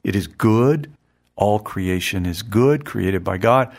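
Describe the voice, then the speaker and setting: A man reading a devotional text aloud and explaining it in an earnest, measured way, often repeating phrases. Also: fairly low pitch, animated. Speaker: spiritual teacher.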